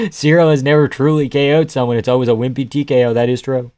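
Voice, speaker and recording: A man's voice: mid-range voice, steady tone, quick pace, darkish tone, no echo, studio quality. A young Canadian man casually commenting on fights on a live stream, joking, swearing and laughing as he reacts to chat.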